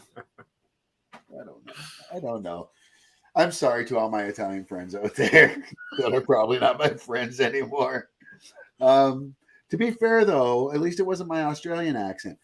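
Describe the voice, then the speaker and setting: A man's voice: mid-range voice, animated, fairly bright tone. A man hosting a pop culture podcast, chatting casually with jokes and loose rambling. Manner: joking, rambling, quick to laugh. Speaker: podcast host. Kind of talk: casual chat.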